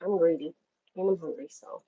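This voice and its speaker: A woman's voice: lowish voice, fairly quick, warm tone, slightly rough, muffled recording. A woman from New York chatting casually to her livestream viewers while cooking at home, rambling and talking straight to them. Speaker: livestream host.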